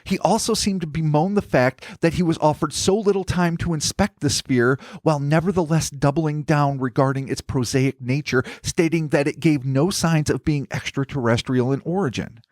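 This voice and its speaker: A man's voice: fairly high pitch, moderate pace, hardly any pauses, a little mellow, dry recording, clean studio sound. A man hosting a podcast, reading a scripted mystery story with wry, theatrical flourishes. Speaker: podcast host. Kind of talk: scripted narration with banter.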